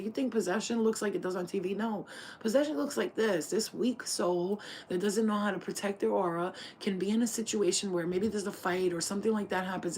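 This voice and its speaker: A woman channeling spirit messages in a casual livestream talk, animated and profane, dropping to whispers and then shouting. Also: fairly low pitch, a little hiss or hum. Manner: animated, swings between whispers and loud outbursts, swears freely.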